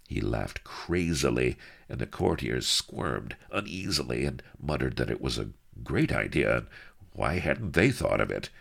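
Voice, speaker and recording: A man reading a comic adventure aloud, with a very low, gravelly voice that rises and falls with lively, theatrical expression. He throws in wry, chatty asides as he narrates. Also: unhurried.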